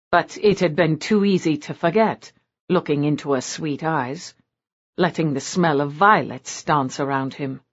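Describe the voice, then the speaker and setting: A woman narrating an audiobook in an expressive storytelling manner. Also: sits low, unhurried, muffled recording. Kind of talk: scripted narration.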